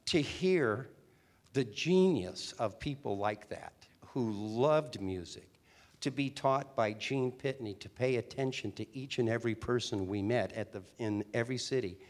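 An older man in his sixties tells stories from his show-business past in a chatty, animated way. He restarts sentences often and keeps a mid-range voice. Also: medium pitch, a little slow. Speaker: guest, former teen singer and actor. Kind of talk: storytelling interview talk.

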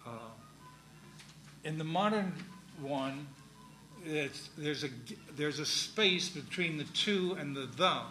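A man giving a classroom lecture, speaking in a halting, deliberate way with many pauses, ums and restarts. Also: a little high, bright, forceful tone, echoey room, low-quality recording. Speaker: lecturer on Shakespeare's verse.

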